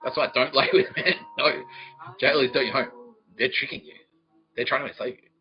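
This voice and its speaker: A man hosting a comedy podcast, rambling and swearing, often laughing, swinging between mumbles and shouts. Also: medium pitch, steady tone, brisk. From Australia. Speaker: podcast host. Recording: dull lo-fi podcast audio with faint music.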